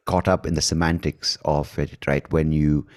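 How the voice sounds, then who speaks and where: A man with an Indian accent and a very low voice hosts a conversational interview. He speaks thoughtfully, pausing and correcting himself mid-sentence. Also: flat delivery, a little mellow. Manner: thoughtful, halting, self-correcting. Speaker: podcast host.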